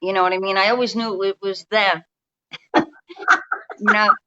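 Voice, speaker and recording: Bright-voiced New woman in her fifties. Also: mid-range voice, steady tone, slow, clear, resonant tone, dull audio. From New York. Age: 50s. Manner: rambling, restarts often, speaks in a confiding way. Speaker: guest energy healer. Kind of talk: casual storytelling interview. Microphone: remote call.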